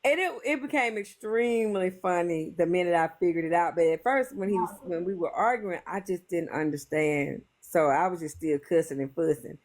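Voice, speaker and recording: A woman's voice: fairly low pitch, normal speed, hardly any pauses, a little mellow. A woman on a livestream panel, telling her side in casual chat, blunt and profane.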